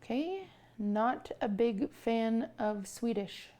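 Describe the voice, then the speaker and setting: A woman's voice: fairly high pitch, expressive, slow pace, warm tone. A young woman streaming from her home kitchen, chatting casually with viewers and cooing at her cat between remarks. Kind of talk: casual live-stream chat.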